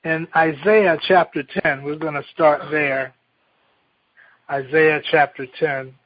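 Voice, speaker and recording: A male pastor preaching a sermon, telling a children's story in a folksy, animated way before reading scripture. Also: a little high, takes it slowly, breathy edge. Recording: dull lo-fi recording.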